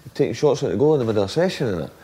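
A Scottish man chatting as a guest. He tells loose, swear-filled anecdotes at a middling pitch, slipping into the voices of the people he quotes. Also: animated, racing, dark tone. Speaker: former footballer guest. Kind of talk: casual storytelling chat.

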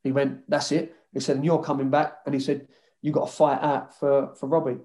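A man's voice: medium pitch, flat delivery, a little fast, mellow. A man, a former footballer casually telling rambling anecdotes in an interview, swearing freely.

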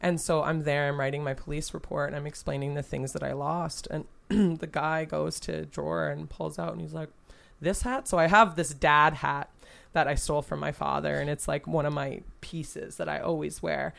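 A woman telling a travel story in casual chat, animated and swearing, acting out what people said. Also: sits low, normal speed, gravelly. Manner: animated, swearing, acts out quotes.

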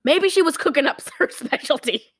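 A young woman with a high voice chats casually at a moderate pace, rambling through a recap of a film as a podcast co-host. She animatedly acts out the characters' lines, and the recording is dry.

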